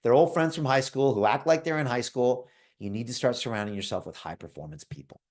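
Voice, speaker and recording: A man hosting a live call and giving a motivational pitch, speaking emphatically, calling on listeners by name and asking "right?" again and again. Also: fairly quick, darkish tone. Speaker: host pitching an investment club.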